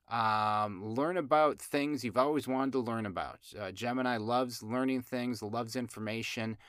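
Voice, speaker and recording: A man of middle pitch talks in a loose, conversational way, full of "um" and "uh" and restarted phrases. He sounds close and dry. He drops jokey asides as he goes. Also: fairly bright tone, clear, resonant tone, no room sound. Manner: rambling, many fillers and restarts. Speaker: astrology show host. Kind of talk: casual chat.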